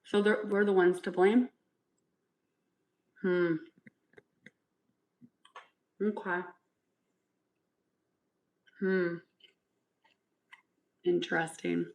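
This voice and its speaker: Gravelly-voiced woman, sarcastic streamer. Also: lowish voice, steady tone, extremely slow, pauses often, a little mellow, poor audio. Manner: sarcastic and mock-sweet. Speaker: livestreamer with a son. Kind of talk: casual livestream chat answering comments.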